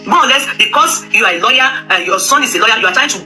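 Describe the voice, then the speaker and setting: Bright-voiced Nigerian woman giving opinions. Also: fairly high pitch, expressive, racing, soft background music. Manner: emphatic, repetitive, with Pidgin asides and frequent hesitations. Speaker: commentator. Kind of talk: casual opinion talk.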